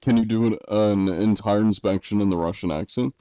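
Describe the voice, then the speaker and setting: A man with a low, mellow voice chats casually on a live stream, answering his viewers with dry jokes. The sound is very dry, with no room echo. The audio is slightly dull, like lo-fi stream audio. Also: brisk, smooth. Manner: dry, joking, answers chat. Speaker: game streamer.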